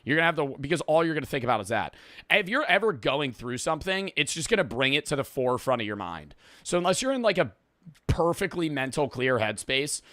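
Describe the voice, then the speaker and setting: A man in his twenties rambling through profane, lively stories and reactions as a streamer. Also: a little high, fast, no room sound, clean studio sound. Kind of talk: casual reaction commentary.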